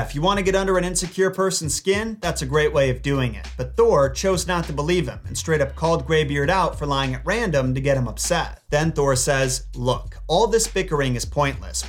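A man hosting a comedic mythology narration, dropping sarcastic asides. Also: fairly high pitch. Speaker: host.

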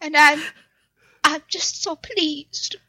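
A woman putting on a gracious old-timey movie actress with a Mid-Atlantic accent, speaking slowly and theatrically. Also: high voice, sharp tone, voice pushed up, full character voice. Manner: slow, gushing, theatrical.

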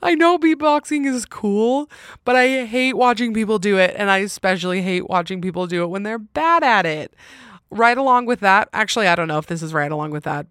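A woman's voice: lowish voice, fairly bright tone, no echo, clean studio sound. A young woman hosting a casual solo podcast, chatty and opinionated, often laughing as she talks. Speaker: podcast host.

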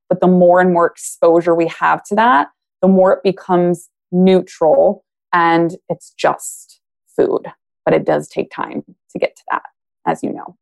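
Woman, low voice, gravelly, podcast guest, casual explaining, analogies. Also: steady tone, measured pace, a little mellow. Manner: explains with analogies, acts out quotes.

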